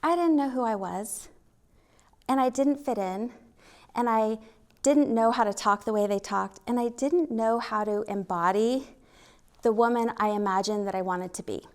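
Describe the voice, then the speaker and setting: A woman's voice: on the high side, normal speed. A middle-aged woman from Oklahoma with a slight Oklahoma accent, telling her personal story on stage with candid, self-deprecating humor. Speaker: storytelling speaker. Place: stage at a live event.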